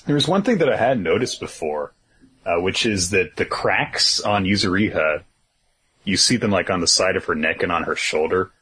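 A man's voice: low voice, animated, moderate pace, sharp tone, husky. A man co-hosting a podcast, chatting in a laid-back way about manga chapters and thinking aloud with fillers. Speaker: podcast co-host.

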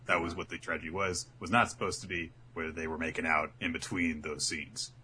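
A man's voice: extremely low pitch, level tone, fairly quick, bright, forceful tone, a little hiss or hum. A man co-hosting a casual podcast, talking things through analytically with hesitant restarts. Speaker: podcast co-host.

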